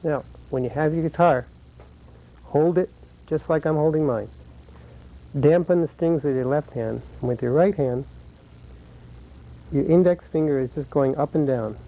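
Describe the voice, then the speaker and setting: A man teaching flamenco guitar, explaining rhythm patterns patiently and counting beats aloud slowly. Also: medium pitch, gravelly, mellow, poor audio. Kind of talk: instructional lesson.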